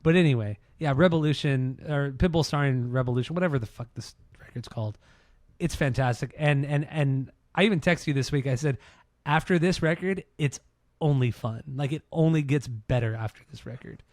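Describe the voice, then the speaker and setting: A man's voice: mid-range voice, a little fast, darkish tone, no room sound, studio quality. A young man co-hosting a podcast in casual chat, blunt and enthusiastic, with frequent swearing. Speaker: podcast co-host.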